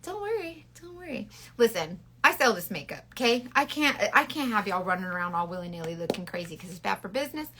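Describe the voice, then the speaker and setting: A woman's voice: on the low side, expressive, fast talker, hardly any pauses, fairly bright tone, slight background noise. A woman selling makeup, chatting playfully through a casual live makeup tutorial on a phone and answering viewers as she goes. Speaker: makeup consultant selling cosmetics.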